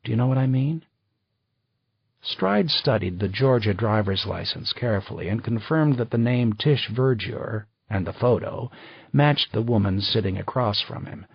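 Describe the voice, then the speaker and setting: Male audiobook narrator; low, husky, measured, on a dull, dry recording. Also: lively intonation, dry recording. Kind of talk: scripted narration.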